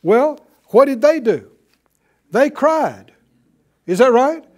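A man's voice: very high-pitched, expressive, normal speed, a little mellow. A man preaching a sermon, asking the congregation questions and acting out quotes. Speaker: pastor.

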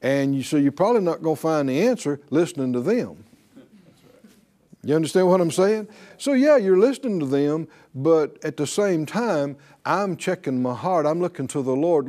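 Folksy man preaching, mellow voice. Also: a little high, lively intonation, moderate pace. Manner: chatty, laughing, acts out quoted voices. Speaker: pastor teaching a faith class. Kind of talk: folksy sermon teaching.

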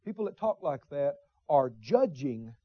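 A man's voice: on the high side, big pitch swings, a little slow, slightly rough, no room sound. A man preaching a sermon, folksy asides and call-and-response with the congregation. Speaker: pastor. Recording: dull, slightly lo-fi sermon recording.

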